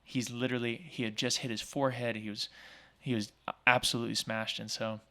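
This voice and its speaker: An energetic man in his thirties, from Oregon, chats as an interview guest with a middle-pitched voice. He talks fast and freely, leans on "like" and "um", and slips into quick impressions of the people in his stories. The delivery is casual and animated. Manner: energetic, talkative, acts out quoted voices; frequent fillers like "like" and "um". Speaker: podcast guest, small business owner.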